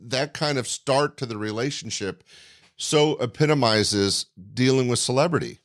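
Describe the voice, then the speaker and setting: A man's voice: medium pitch, moderate pace. A man hosting an interview podcast who asks questions and stops to explain points to his audience at length. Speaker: podcast host.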